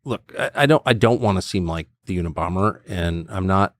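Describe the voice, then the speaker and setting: A man's voice: fairly quick, dry recording, clean studio sound. A man as a podcast guest, talking casually and rambling, with frequent restarts and chuckles. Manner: rambling, restarts and chuckles, lively swings in pitch. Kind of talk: casual conversation.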